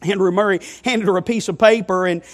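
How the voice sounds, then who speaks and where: A man's voice: high-pitched, steady tone, quick pace. A man preaching a sermon, speaking with emphasis, calling his listeners friend and asking them rhetorical questions. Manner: emphatic, addresses listeners as friend and child of God.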